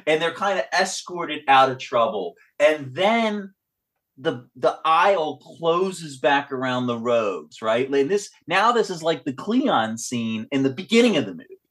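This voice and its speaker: Man, podcast host, casual film talk, acts out scenes, fairly high voice. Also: unhurried. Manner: animated, acts out lines from the film.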